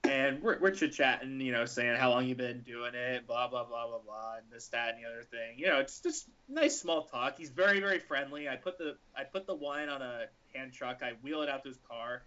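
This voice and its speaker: A man's voice: mid-range voice, fairly quick, hardly any pauses. A man on a casual podcast, telling a story and acting out the dialogue. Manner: animated, acts out the dialogue in his story. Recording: lo-fi podcast audio.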